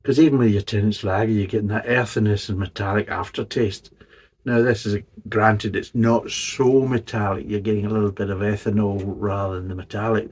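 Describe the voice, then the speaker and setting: Blunt, husky man reviewing beer. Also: lowish voice, a little mellow. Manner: blunt, sweary, rambling. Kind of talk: casual review monologue.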